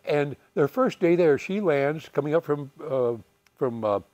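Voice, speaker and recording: A man in his eighties, a retired fighter pilot telling lively war anecdotes, chuckling and acting out the voices of people he quotes. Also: on the high side, a little slow, dry recording. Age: 80s. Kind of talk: storytelling anecdotes.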